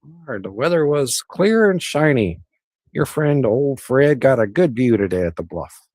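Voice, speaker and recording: A man imitating a cheerful male voice assistant announcing the weather in a chirpy, higher tone. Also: big pitch swings, moderate pace, a little mellow, no echo, clean studio sound, natural voice.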